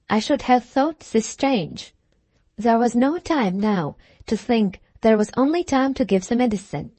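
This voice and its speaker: A woman narrating a classic novel as an audiobook, with a measured, expressive first-person reading. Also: a little high, dry recording.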